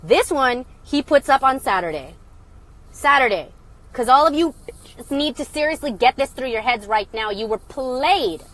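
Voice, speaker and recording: A woman's voice: high-pitched, animated, moderate pace, fairly bright tone. A woman hosting a phone livestream, delivering an angry, blunt, sarcastic rant with swearing. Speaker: livestream host.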